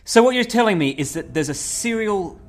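A man's voice: sits high, expressive, normal speed. An Australian man co-hosting a podcast in casual chat, brash and sweary with mock outrage. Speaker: podcast co-host.

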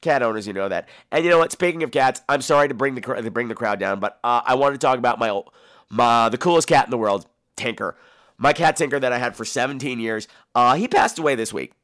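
A man's voice: medium pitch, quick pace, no echo, studio quality. A man hosting a podcast in a casual monologue, telling stories in a campy, theatrical way and swearing freely. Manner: animated, profane storytelling. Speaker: podcast host.

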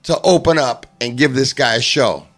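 A man hosting a casual podcast chat, emphatic and quick to chime in with agreement. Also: medium pitch. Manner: emphatic, interjects often with agreement.

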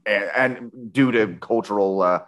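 Rambling, joking man with a low voice. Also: a little slow, fairly bright tone. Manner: rambling, jokey, swears casually. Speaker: podcast host. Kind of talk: casual book-club chat.

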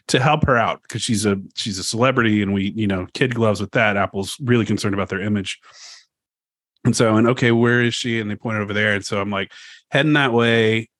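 Podcast co-host, forties, animated storyteller who curses and acts out quotes, dry close sound. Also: male voice, lowish voice, dry recording. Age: 40s. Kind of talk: casual chat.

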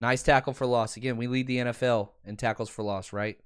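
A man hosting a podcast, talking excitedly through game film and addressing his viewers. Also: medium pitch, fairly quick, clear, resonant tone, no room sound, clean studio sound. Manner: excitable, swears, talks to viewers. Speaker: podcast host. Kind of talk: film breakdown commentary.

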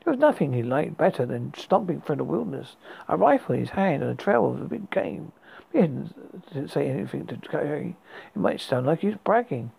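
A man from the UK hosting a horror podcast, reading a story aloud in an unhurried way and often restarting a word. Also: a little high, big pitch swings, vocal fry, darkish tone, husky, poor audio.

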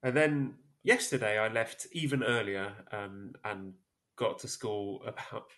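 A man's voice: on the low side, fairly even intonation, unhurried, a bit bright. A man in his thirties hosting a podcast, chatting casually in a rambling, self-mocking way. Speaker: podcast host.

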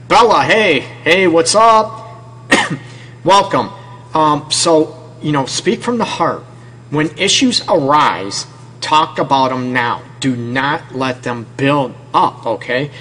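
A man's voice: medium pitch, sharp tone, slight background noise, low-quality recording. Detroit man hosting a radio advice show. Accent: Detroit, American. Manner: casual, repeats "okay?" as a tag; talks directly to the listener. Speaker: radio show host and counselor.

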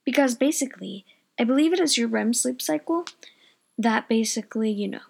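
A woman's voice: on the high side, lively intonation, fairly quick, creaky, slightly rough. A young woman, chatting casually at home in her bedroom and rambling through a personal story, often losing her train of thought. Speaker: vlogger.

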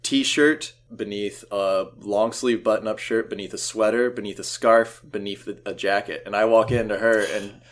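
Animated storytelling man on a podcast. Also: lowish voice, normal speed, hardly any pauses. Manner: animated storyteller, laughs often, mimics people. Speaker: podcast co-host. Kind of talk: casual chat.

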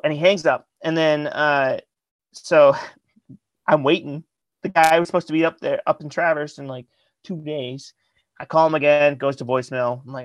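A man from Michigan, a metal band member, telling a story in a casual interview, animated and profane, acting out the dialogue. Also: a little high, normal speed, no echo, highs cut off.

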